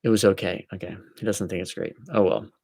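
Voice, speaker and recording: A man hosts a casual live stream, talking in a relaxed, joking way and answering viewers by name. His voice sits low. The sound is dry and close, with no room echo. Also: fairly quick, creaky.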